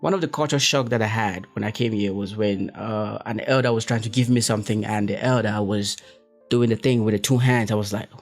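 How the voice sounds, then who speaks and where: A young West African man hosts a casual solo podcast, speaking briskly in a lowish voice with fairly even intonation over soft background music. He rambles, corrects himself, jokes, and exclaims in quoted reactions.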